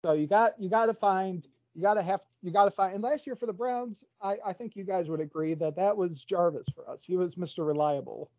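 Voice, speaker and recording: A man's voice: high voice, fairly quick, few pauses, warm tone, no echo. Rambling man on a dull dry call line. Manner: rambling, restarts phrases. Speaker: podcast guest. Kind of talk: casual sports chat.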